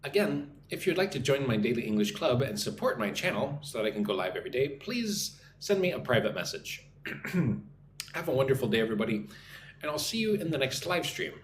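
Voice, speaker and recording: A chatty American man hosting a casual live stream, reading out viewers' comments and answering them one by one. His pitch moves around a lot as he talks. The room sounds echoey, with a faint hum of ambient noise underneath. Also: very animated, fairly quick. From United States. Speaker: online English teacher.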